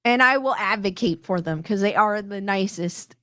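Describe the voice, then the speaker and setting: A woman's voice: medium pitch, normal speed, a bit bright, dry recording, studio quality. A middle-aged woman hosting a casual live stream, chatty and rambling, often restarting her sentences and reading out viewer comments. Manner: reads viewer comments aloud. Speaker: host reading chat comments.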